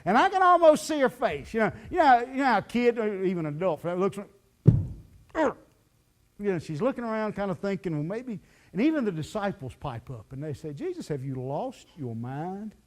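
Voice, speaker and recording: A man preaching a sermon as pastor, telling the story in a lively, folksy way full of "you know" fillers. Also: high-pitched, fairly quick. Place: church sanctuary.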